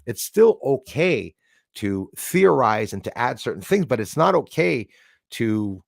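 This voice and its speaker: Gravelly, animated man hosting a live stream. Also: mid-range voice, unhurried, no echo, studio quality. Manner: rambling and emphatic, with many fillers. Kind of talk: casual live-stream talk, reading chat comments.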